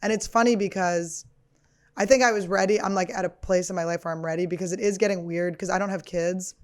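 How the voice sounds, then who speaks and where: A woman's voice: fairly low pitch, fairly even intonation, quick pace. A woman in her thirties hosting a podcast, riffing through a casual comedic monologue in a crude, rambling, profane and self-mocking way. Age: 30s.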